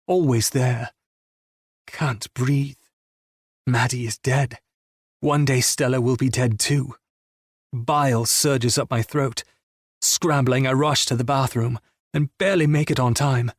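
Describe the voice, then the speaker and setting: Male audiobook narrator, mid-pitched and husky, subdued and intimate, close dry read. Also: no echo. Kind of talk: first-person romance audiobook narration.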